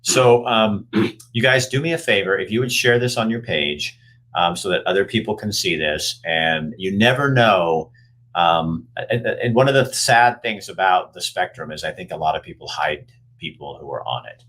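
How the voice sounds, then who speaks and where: Older male host, low husky voice, chatty and jokey. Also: lively intonation, normal speed, fairly bright tone, low-quality recording. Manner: chatty, jokey, rambling with many restarts. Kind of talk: casual chat.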